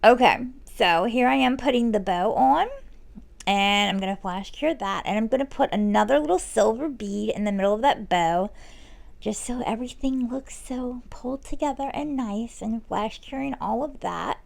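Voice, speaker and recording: A woman narrating a step-by-step nail art tutorial in a relaxed, chatty way, often correcting herself as she explains. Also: fairly high pitch, moderate pace, gravelly. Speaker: nail artist.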